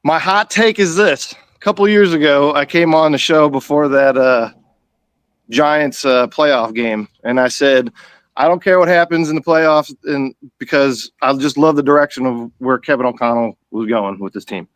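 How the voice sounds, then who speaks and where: Smooth-voiced enthusiastic male caller. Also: fairly high pitch, moderate pace, dry recording. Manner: enthusiastic, confident.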